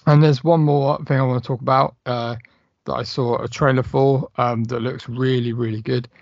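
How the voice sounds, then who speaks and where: Male podcast host, rambling and filler-heavy, rough edge to the voice. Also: mid-range voice, level tone, moderate pace, darkish tone, no room sound, lo-fi sound. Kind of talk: casual film chat.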